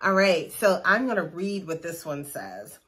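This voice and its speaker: A woman's voice: lowish voice, very animated, a little slow, fairly bright tone. Earnest woman giving an oracle card reading. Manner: earnest, encouraging, affirming. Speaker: host, intuitive healer.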